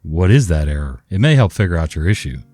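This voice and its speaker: A man's voice: low voice, very animated, fast talker, darkish tone, dry recording, soft background music, pitched below the performer's own voice. A man doing a weary, polite help-desk worker.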